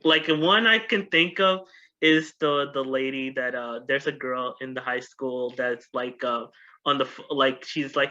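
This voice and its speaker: A man's voice: mid-range voice, a little slow, bright, forceful tone, muffled recording. A man co-hosting a podcast in casual chat, rambling with lots of restarts. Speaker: podcast co-host.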